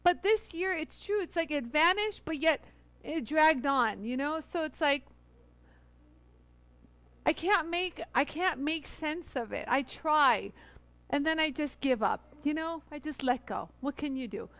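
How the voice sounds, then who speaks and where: Chatting casually from a studio bench under bright lights, a Los Angeles-area livestream host shows off jewelry tools and effusively welcomes viewers one at a time. She speaks in a high, animated, fairly bright voice without hurrying.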